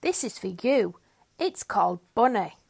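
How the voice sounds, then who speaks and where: A woman voicing a kind, cheerful young boy in a read-aloud storybook, with a bright, eager child voice. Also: mid-range voice, sing-song, measured pace, gravelly, husky, exaggerated voice.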